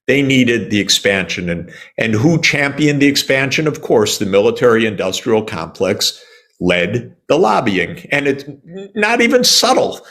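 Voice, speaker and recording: A man's voice: mid-range voice, very animated, a little slow, fairly bright tone. An older man from the United States, answering an interviewer in an emphatic, indignant way with sarcastic asides and the odd cough. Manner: coughs at times. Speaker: interview guest, economist.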